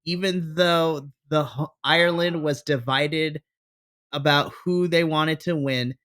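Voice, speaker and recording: Bright, excitable male podcast host. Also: on the high side, slow pace. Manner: animated, quotes his own reactions. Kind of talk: casual wrestling review chat.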